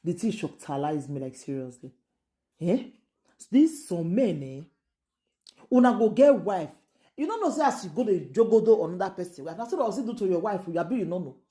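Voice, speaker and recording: Woman, Nigerian Pidgin accent, gossip host, lowish voice, mellow tone, exclaiming. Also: animated, brisk. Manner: exclaiming, repetitive, incredulous. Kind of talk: casual gossip commentary.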